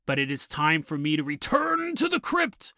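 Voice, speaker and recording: A man's voice: on the high side, huge pitch swings, moderate pace, pushed and bright, no room sound, studio quality. A man hosting a podcast, telling a comedic story and laughing through his lines. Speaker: podcast host.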